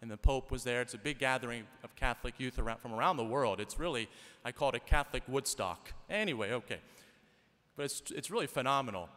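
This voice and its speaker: Priest guy giving a homily, chatty storytelling, bright clear voice, long echo like a big church. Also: medium pitch, quick pace. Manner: conversational, storytelling with rhetorical questions. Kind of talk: sermon.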